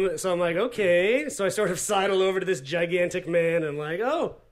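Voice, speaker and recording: A man telling a story as a podcast guest, animated and laughing often. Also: high-pitched, fast talker. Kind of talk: casual podcast chat. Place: busy convention floor. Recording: loud crowd chatter behind.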